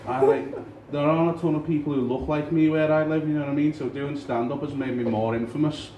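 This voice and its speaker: A young man from Liverpool with a Scouse accent, doing a dry, deadpan stand-up set in a small comedy club. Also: a little high, quick pace, highs cut off. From Liverpool, England. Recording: roomy far-off club recording with crowd noise.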